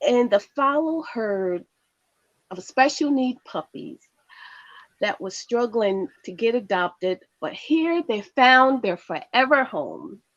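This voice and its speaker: Animated woman co-host, muffled audio. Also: a little high, takes it slowly. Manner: affirming, lively storytelling, many agreeing interjections. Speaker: talk show co-host. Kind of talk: casual chat, reading news stories.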